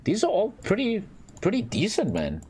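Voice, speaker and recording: Excitable, swearing man reacting to clips. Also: high voice, moderate pace, noisy background. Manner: blunt, profane and excitable. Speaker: reaction video host. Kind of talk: casual reaction commentary.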